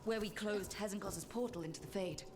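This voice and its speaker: A woman voicing a brisk fantasy party leader. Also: mid-range voice, background noise, close to an everyday voice. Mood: decisive.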